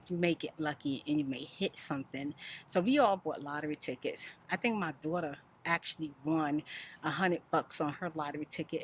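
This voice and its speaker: A middle-aged woman vlogger telling a rambling storytime story in a soft-spoken, chatty way. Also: sits low, a little hiss or hum.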